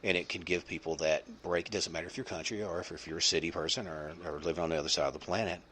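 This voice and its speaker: Low-voiced rambling male podcast host. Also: steady tone, fast talker, fairly bright tone, a little hiss or hum. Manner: rambling, many fillers and restarts. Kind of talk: casual chat.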